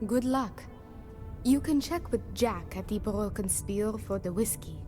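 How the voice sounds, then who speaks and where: A woman's voice: mid-range voice, expressive, measured pace, mellow, faint music behind, natural voice. A woman voicing a worried French-accented woman. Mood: earnest. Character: worried woman seeking a reconciliation.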